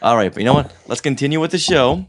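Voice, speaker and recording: A man's voice: mid-range voice, animated, quick pace. A man co-hosting a podcast in casual chat with his wife, teasing and talkative. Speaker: podcast co-host.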